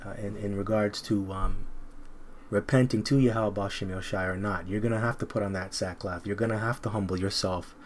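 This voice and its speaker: Low-voiced man preaching in street slang. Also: fairly even intonation, fairly quick, slight background noise. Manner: reads verses aloud, then comments in blunt street slang with laughs. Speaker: scripture teacher. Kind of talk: informal bible teaching.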